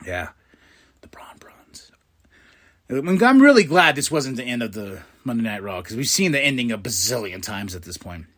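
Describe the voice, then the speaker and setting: An excitable man hosting a podcast and recapping a wrestling show in a loose, chatty monologue. He slips into quick voices to act out what the wrestlers said. His voice sits at an ordinary middle pitch for a man.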